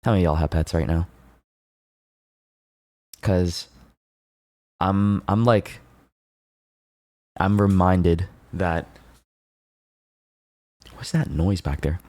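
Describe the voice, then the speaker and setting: A deep-voiced man chatting on his stream in a loose, playful way. He laughs a lot, jumps between quick asides to his viewers, and teases them. The sound is dry and close. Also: warm tone, no echo. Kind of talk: casual chat with chat.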